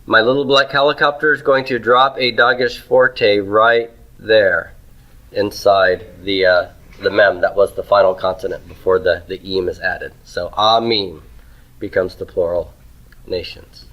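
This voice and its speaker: With the highs cut off in the recording, a man with a fairly low pitch and level tone teaches Hebrew grammar a little slowly. He writes on the board throughout, asks questions and answers them himself, and checks in with "okay?" and "right?".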